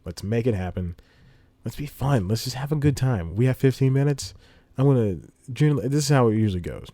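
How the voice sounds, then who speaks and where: A man's voice: medium pitch, lively intonation, brisk, dark tone, dry recording. A man hosting a podcast in a rambling, casual monologue, laughing between phrases, speaking into a studio microphone. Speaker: podcast host. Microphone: studio microphone with headphones.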